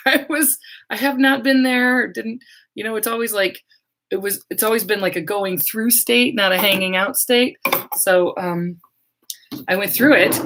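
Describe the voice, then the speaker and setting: A middle-aged woman hosting a casual livestream into a webcam, chatty and meandering. Her voice is a little hoarse, and she laughs easily as she talks to viewers. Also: fairly high pitch, normal speed, fairly bright tone. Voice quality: slightly hoarse. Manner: chatty, rambling, laughs often. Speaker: medium and livestream host.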